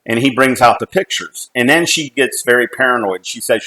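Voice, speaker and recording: This middle-aged American company CEO sounds pushed and bright at medium pitch as he earnestly relates a family story. He falters and restarts sentences often, and the audio quality is poor.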